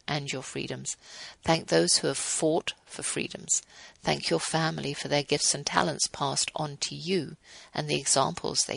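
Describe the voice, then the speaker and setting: A woman in her fifties hosting a radio show, reading a passage aloud and giving earnest, gently devotional closing remarks. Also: deep voice, gravelly, no echo, rough recording.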